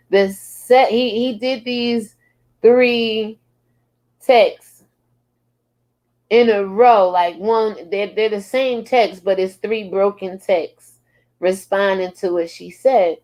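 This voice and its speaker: A woman's voice: medium pitch, darkish tone. A woman hosting a casual commentary show, reading posts aloud and reacting with frequent laughs. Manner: slow, drawling, laughs often. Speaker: commentary channel host.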